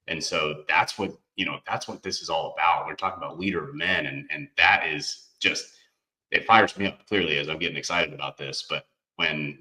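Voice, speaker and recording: A man's voice: a bass voice, pushed and bright, far from the mic, poor audio. A man hosting a sports podcast, talking with enthusiasm and emphasis as he piles up phrase after phrase. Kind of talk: casual sports talk.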